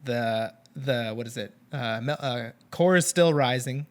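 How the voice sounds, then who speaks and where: A man co-hosting a casual TV recap chat, talking in a relaxed, halting way. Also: medium pitch. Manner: laid-back, halting, many fillers and restarts. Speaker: podcast co-host.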